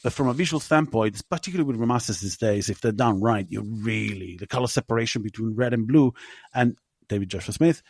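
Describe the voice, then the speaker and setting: A man's voice: fairly low pitch, fast, no room sound, clean studio sound. A man hosting a film podcast, giving his opinions in an emphatic, casual way and swearing now and then. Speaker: podcast host. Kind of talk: casual film review chat.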